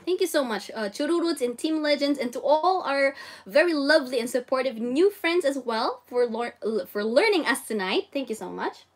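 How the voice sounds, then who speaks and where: A woman's voice: sits high, expressive, moderate pace. A woman with a Filipino accent hosting a casual livestream Japanese lesson, bubbly and exclaiming often as she reads viewer comments. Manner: bubbly, exclaims and giggles often, code-switches. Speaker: livestream host teaching Japanese.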